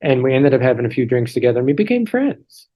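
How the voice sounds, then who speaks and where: Fast and sing-song in a mid-range voice, a male guest in his 30s chats over a video call, telling casual stories with jokes at his own expense and plenty of restarts and asides. The highs in the audio are cut off.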